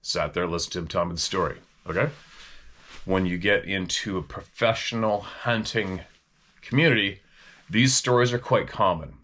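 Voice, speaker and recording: A man's voice: low-pitched, moderate pace, fairly bright tone. A man hosting a casual talk, a former hunting guide telling stories in a rambling, questioning way. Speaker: host.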